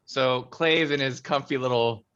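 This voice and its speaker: A man playing a tabletop game, narrating his character's turn slowly with hesitations. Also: mid-range voice, fairly bright tone, dull audio. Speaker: player. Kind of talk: casual tabletop play.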